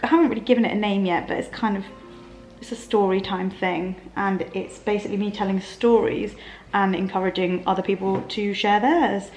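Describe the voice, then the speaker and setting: A young woman, chatting casually to camera in her bedroom, rambling and laughing softly. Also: mid-range voice, steady tone, brisk, faint music behind. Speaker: vlogger. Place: bedroom of a small flat.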